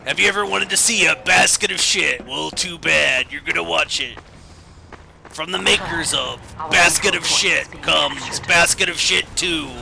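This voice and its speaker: A man playing a pushy, salesy TV ad announcer with an overeager pitch. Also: measured pace, vocal fry, a crowd in the background. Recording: noisy game audio behind.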